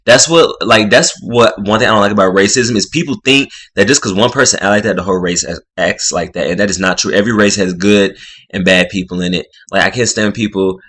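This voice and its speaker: Low-voiced man rambling through a recap. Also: quick pace, a bit bright. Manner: rambling, full of "like" and "you know". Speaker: reality show reviewer. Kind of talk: casual vlog recap.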